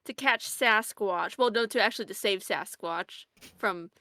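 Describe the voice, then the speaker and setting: A woman's voice: mid-range voice, unhurried, pushed and bright, no echo. Chatty, giggly woman player. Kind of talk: casual chat at a tabletop game.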